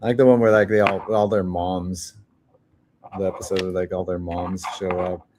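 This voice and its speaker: A man's voice: deep voice, little pitch movement, normal speed, a little mellow, slight background noise. A man co-hosting a casual podcast chat, laid-back and full of fillers. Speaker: podcast co-host.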